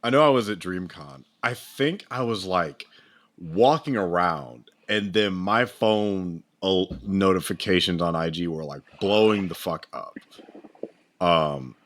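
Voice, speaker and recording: A man co-hosting a casual movie podcast, talking in a loose, animated way and swearing freely. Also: deep voice, unhurried. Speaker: podcast co-host. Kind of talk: casual chat.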